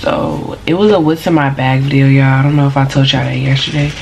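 A woman's voice: a bass voice, steady tone, fairly quick, creaky, a little mellow, a little hiss or hum. A young woman chatting casually to her viewers in a vlog, slangy and talkative, with a sore neck and back. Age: young adult. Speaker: vlogger. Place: in a car.

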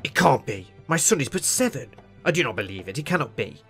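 A man's voice: medium pitch, sing-song, a little fast, soft background music, pitched above the performer's own voice. A man voicing a royal father crying out in grief and disbelief. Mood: anguished. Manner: anguished, shouting.

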